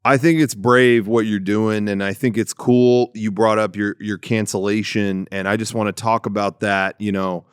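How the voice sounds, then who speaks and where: A man's voice: lowish voice, fairly even intonation, normal speed, few pauses, smooth, no echo, studio quality, close to an everyday voice. A man playing an awkward fan who asks a question hesitantly, full of ums and restarts. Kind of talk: comedic audience question at a panel.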